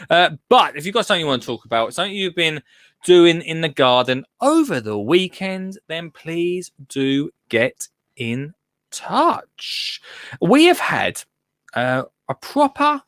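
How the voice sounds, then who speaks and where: A man's voice: fairly high pitch, very animated, takes it slowly, fairly bright tone, no room sound, studio quality. A man hosting a live gardening show, chatty and jokey, laughing often. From United Kingdom. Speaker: podcast host. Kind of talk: casual live show chat.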